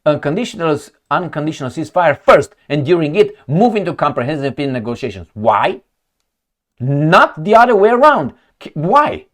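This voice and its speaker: A man's voice: a little high, very animated, a little fast, fairly bright tone. Heated, sarcastic male political commentator. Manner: mocking retorts and rhetorical questions. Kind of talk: reading headlines and commenting.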